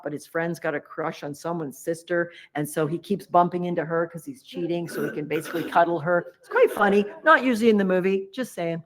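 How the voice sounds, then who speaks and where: Chatty woman teacher acting out a story. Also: lowish voice. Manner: chatty, animated, playfully acts out the characters. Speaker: meditation teacher. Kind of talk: humorous dharma talk, storytelling.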